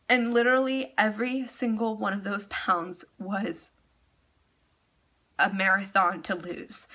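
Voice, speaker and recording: A woman's voice: mid-range voice, pushed and bright. A young woman talking candidly in a casual personal vlog, chatty and full of ums, emotional and close to tears. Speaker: vlogger.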